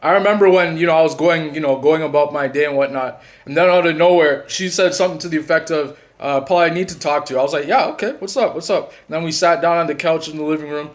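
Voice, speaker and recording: A man's voice: fast, hardly any pauses. Rambling man talking to camera. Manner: rambling, restarts and repeats words often; drops quiet and low when retelling conversations. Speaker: channel host and narcissism coach. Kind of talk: casual talking-to-camera monologue.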